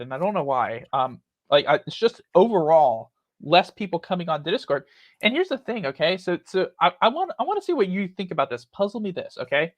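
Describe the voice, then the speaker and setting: A man's voice: fairly high pitch, no room sound. A rambling, chatty man hosting a casual talk stream, laughing often. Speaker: host. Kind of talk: casual chat.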